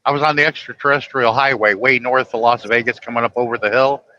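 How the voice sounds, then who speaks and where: Bright-voiced trucker, lo-fi. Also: male voice, mid-range voice, steady tone, quick pace. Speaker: trucker, show host. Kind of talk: casual chat. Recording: dull lo-fi sound with faint ambient noise.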